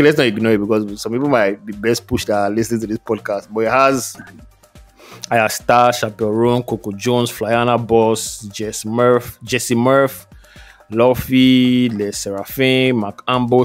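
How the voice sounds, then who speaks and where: A man's voice: medium pitch, fairly even intonation, normal speed, soft background music. Laid-back man reading out nominee lists. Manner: reads lists of nominees, laughs often. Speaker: podcast co-host. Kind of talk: casual podcast chat.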